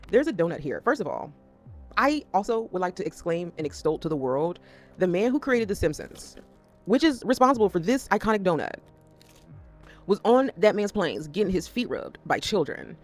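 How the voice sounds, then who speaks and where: A woman's voice: medium pitch, very animated, normal speed, a little mellow, soft background music. A woman talking casually to camera as a vlogger, rambling and swearing as she jumps between topics.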